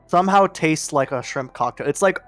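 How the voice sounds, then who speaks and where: A man narrating as game master of a tabletop role-playing game, relaxed, with frequent ums and laughing asides. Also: fairly high pitch, brisk, soft background music.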